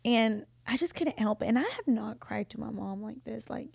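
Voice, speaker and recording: High, gravelly-voiced chatty woman in her twenties. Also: lively intonation, moderate pace, darkish tone, no room sound, studio quality. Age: 20s. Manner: chatty, emotional storytelling with frequent "like". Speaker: podcast co-host. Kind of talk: casual chat.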